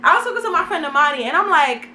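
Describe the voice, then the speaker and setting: Very high-voiced and very fast, this young Brooklyn, New York vlogger sounds animated, pushed and bright as she tells a slangy, self-mocking casual storytime. The echoey room carries a little hiss or hum.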